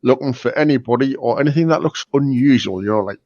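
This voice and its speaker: A man's voice: mid-range voice, quick pace, darkish tone, lo-fi sound. An older man speaking carefully and measuredly as a player in a tabletop game. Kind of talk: casual tabletop game chat.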